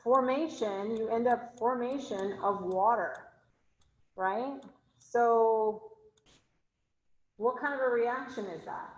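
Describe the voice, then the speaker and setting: A woman's voice: a little high, takes it slowly, pauses often, echoey room, low-quality recording. A woman chemistry instructor teaching an online class, asking her students question after question and thinking aloud as she draws. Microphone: video call.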